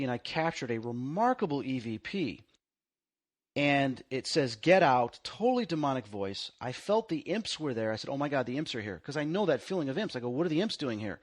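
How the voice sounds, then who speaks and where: A man hosting a casual conversation, an excitable storyteller who acts out the lines he quotes. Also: medium pitch. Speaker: host.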